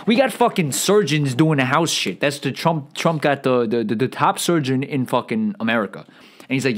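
A man's voice: medium pitch, animated, brisk. Rambling, profane male podcast host. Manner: profane, rambling, frequent restarts and stammers. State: feeling bloated and irritable. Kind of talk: rambling comedic monologue.

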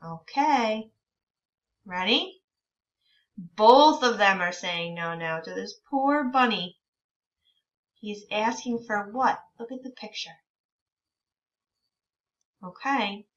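A woman teacher leading a reading lesson for young children, encouraging them and reading words out very slowly. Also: mid-range voice, lively intonation, recorded from a distance. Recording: dull lo-fi sound from a bit away from the mic.

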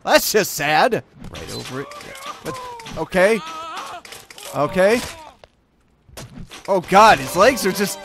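A young man hosting a gaming video, giving casual gameplay commentary and swearing and yelling at the game as he plays. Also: sits high, slow, creaky, pauses often, soft background music. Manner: excitable, swears and yells at the game.

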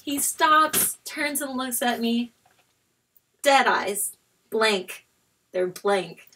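A young woman, a guest on a casual chat show, telling an animated story and breaking into shouted quotes. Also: on the high side, drawn-out words.

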